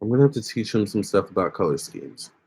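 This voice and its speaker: A man's voice: lowish voice, sing-song, fast, a little mellow, husky. A young man hosting a casual phone livestream, chatting with viewers and reading their comments aloud. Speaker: livestream host.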